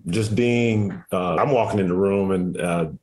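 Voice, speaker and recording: Low voiced guy in his 40s, laid back, rambly, lots of restarts, radio interview. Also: a little slow. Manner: relaxed, rambling and reflective with many restarts. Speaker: guest, former basketball player and coach. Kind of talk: casual interview chat.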